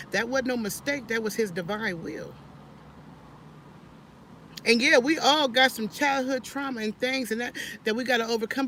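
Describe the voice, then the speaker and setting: Animated woman preaching encouragement. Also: fairly high pitch, slight background noise. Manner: animated, repetitive restarts, sermon-like. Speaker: vlogger. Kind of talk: casual preachy encouragement vlog.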